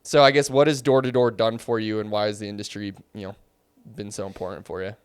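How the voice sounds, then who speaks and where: A man's voice: fairly low pitch, level tone, fast talker, clean tone. A man hosting a casual podcast interview, reflecting and asking broad framing questions. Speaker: podcast host.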